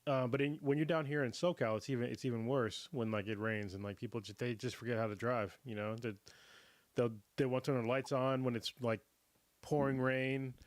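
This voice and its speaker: A man in his thirties hosts a relaxed livestream chat, his mid-range voice slightly hoarse as he gets over a cold. He laughs easily and lets sentences trail off. The sound is dry and close to the mic. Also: medium pitch, a little fast, dry recording. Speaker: livestream host. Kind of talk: casual chat.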